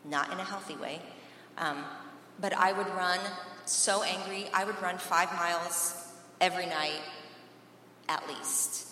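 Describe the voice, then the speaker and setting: A woman telling her personal faith testimony in an earnest, emphatic way, with dramatic pauses. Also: fairly low pitch, steady tone, sharp tone, a little hiss or hum. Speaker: speaker giving a personal testimony. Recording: echoey hall from far off, faint ambience.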